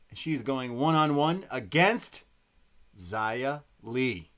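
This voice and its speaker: A man co-hosting a wrestling podcast, recapping the show in casual chat with animated, excitable storytelling. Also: medium pitch, moderate pace.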